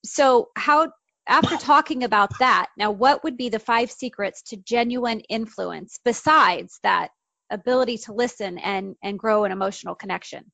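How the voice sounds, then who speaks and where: Gravelly-voiced woman asking a question. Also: a little high, moderate pace, sharp tone, no room sound. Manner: builds long, winding questions. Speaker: co-host. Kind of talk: interview questions.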